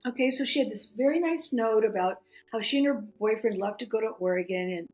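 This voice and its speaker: A middle-aged woman, a podcast guest, telling a personal story in animated casual talk. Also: a little high, fairly quick, soft background music, low-quality recording. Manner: animated, chatty, acts out quoted voices.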